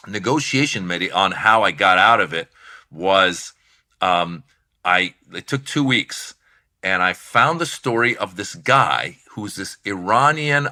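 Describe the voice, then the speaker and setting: A middle-aged man from Iran, a comedian telling animated anecdotes in a casual chat and acting out the people in his stories. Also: lowish voice. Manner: animated, acts out voices in anecdotes. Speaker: comedian guest.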